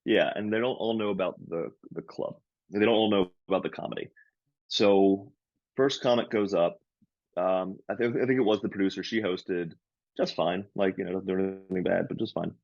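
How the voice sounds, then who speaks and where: A man's voice: deep voice, normal speed, vocal fry, no echo, dull audio. A man, a comedian and podcast co-host, telling a story in casual chat and acting out the lines of the people in it. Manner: animated storyteller, acts out quoted lines loudly.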